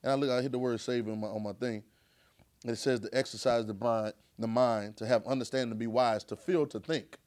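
A man preaching a sermon in church, calling and answering with the congregation and rising into shouts. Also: mid-range voice, steady tone, fairly quick. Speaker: pastor.

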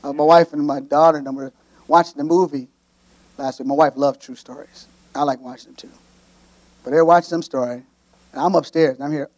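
A pastor preaching a sermon, telling stories with playful asides and calling out to the congregation. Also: male voice, fairly high pitch, fairly even intonation, a little fast, darkish tone, a faint crowd, a little hiss or hum.

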